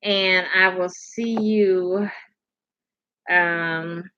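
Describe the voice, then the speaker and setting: A woman's voice: fairly low pitch, steady tone, extremely slow, bright, forceful tone, highs cut off. A sleepy woman hosting a casual live stream, rambling, laughing and answering comments from her chat.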